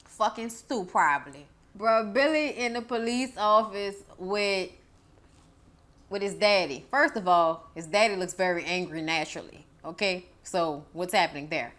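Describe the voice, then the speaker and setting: Bright, sassy, profane young woman. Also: mid-range voice, normal speed. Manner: profane, sassy, talks back to characters. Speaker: movie reviewer. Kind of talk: casual movie recap.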